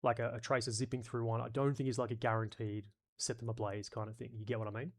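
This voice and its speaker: A man's voice: medium pitch, little pitch movement, quick pace. Australian male streamer, sweary and exasperated, casual chat-reading delivery. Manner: sweary, exasperated, talks through ideas. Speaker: YouTube host reading live chat.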